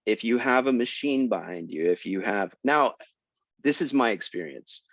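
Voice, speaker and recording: A man telling a story as a guest author, animated and self-mocking, with sudden jumps in pitch for emphasis, heard over a video call. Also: normal speed, dry recording. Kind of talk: casual storytelling talk. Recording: dry, muffled lo-fi.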